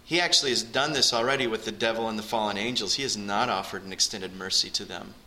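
A man preaching a sermon to his congregation, earnest and direct, often rising in pitch and force to stress a point. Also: quick pace, bright, forceful tone, slight background noise, low-quality recording. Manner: earnest, rises in pitch and volume for emphasis, addresses the congregation directly. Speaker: pastor. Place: church.

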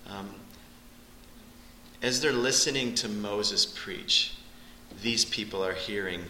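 A man teaching through a Bible passage with a very bright, forceful tone. His delivery is animated, rising sharply in pitch when he drives a point home. The room around him rings with echo, and a faint hiss sits underneath. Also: slow pace. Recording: echoey room.

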